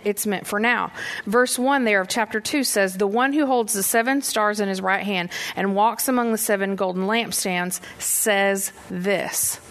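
Woman preaching, gravelly voice. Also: mid-range voice, fairly bright tone. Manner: conversational storytelling, acts out her own reactions. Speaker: women's ministry leader preaching. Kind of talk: sermon.

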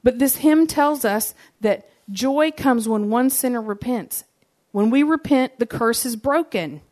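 A woman's voice: on the high side, measured pace, a little mellow. A woman, giving a sermon and telling personal stories in a conversational, humorous way. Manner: conversational and humorous, addresses the audience directly. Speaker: speaker giving a church message.

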